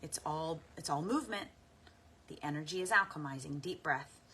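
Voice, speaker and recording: Soft and unhurried, a woman leads a guided tapping meditation at a slow pace, frequently stopping for deep breaths and audible sighs. A slight hiss or hum can be heard.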